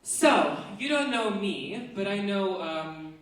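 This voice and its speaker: A woman from Russia, delivering a deadpan, absurd stand-up comedy set on a university theatre stage. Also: mid-range voice, takes it slowly. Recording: echoey theatre, mic far off.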